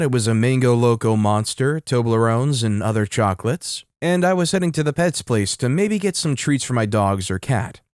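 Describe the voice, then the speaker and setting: A man reads online stories aloud in a casual, wry style, at a middle pitch. The recording is dry and close, with no room sound around his voice. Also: clean tone, dry recording. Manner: casual reading with wry asides. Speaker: story narrator. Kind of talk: scripted narration of online stories.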